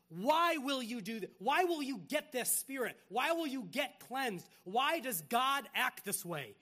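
A man with a high voice preaches with animated energy. He throws out rhetorical questions and swings from loud emphasis to near-hushed asides. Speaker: pastor. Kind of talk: sermon.

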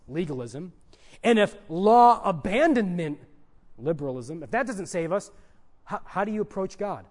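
Male preacher, high voice, emphatic sermon delivery with loud peaks and soft drops. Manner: emphatic, rises loud on key points, then drops to soft asides.

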